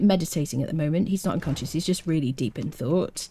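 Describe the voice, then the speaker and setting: Her voice runs on the low side and a little mellow, with lively intonation and a fairly quick pace. A young woman from the UK, she provides live-streamed gameplay commentary and chats away to viewers in the chat.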